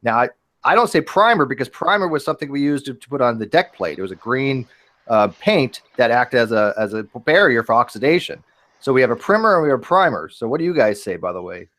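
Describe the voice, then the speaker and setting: A man hosting a casual podcast chat, talking in animated bursts with frequent restarts and casual swearing. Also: medium pitch, fairly quick. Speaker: host.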